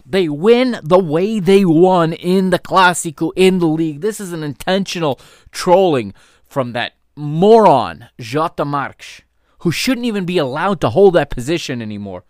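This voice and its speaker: A man hosting a solo podcast, explaining calmly and then breaking into heated, indignant rants full of swearing. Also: mid-range voice, no echo, studio quality. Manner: rises from calm explanation into loud, stressed outrage. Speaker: podcast host.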